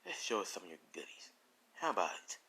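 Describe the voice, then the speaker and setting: A man voicing leering male street thugs in a low, slow, sleazy drawl. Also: big pitch swings, bright, forceful tone, slightly rough, exaggerated voice.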